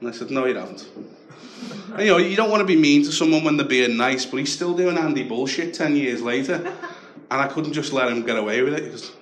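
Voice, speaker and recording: A young man with a Liverpool accent doing a stand-up set, telling stories deadpan and then shouting the punchlines. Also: medium pitch, fast, slight background noise. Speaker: stand-up comedian. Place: comedy club stage with a laughing audience. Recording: echoey club with audience laughter.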